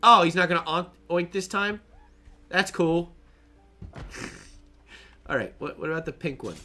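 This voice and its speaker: Guy streaming a game, talks slow with a bright edge, jokes around and narrates everything he does. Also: sits high. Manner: chatty, narrates his own play, jokes and laughs to himself. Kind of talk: casual gameplay commentary.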